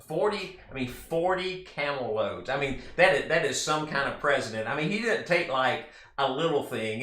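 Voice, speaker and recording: A man in a middle pitch teaches a relaxed Bible study lesson. He talks in an earnest, chatty way and often breaks off for quick asides to his listeners. The room around him adds a noticeable echo. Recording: echoey room.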